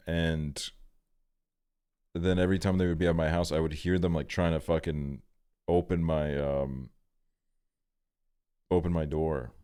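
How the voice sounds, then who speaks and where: A man's voice: low-pitched, a little mellow, smooth. A young man streaming, telling a rambling story in a laid-back way and swearing often.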